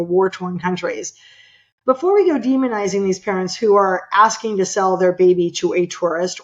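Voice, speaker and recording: A woman's voice: mid-range voice, muffled recording. A middle-aged woman from California, a podcast guest telling a personal story with emphatic, impassioned delivery. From California, USA.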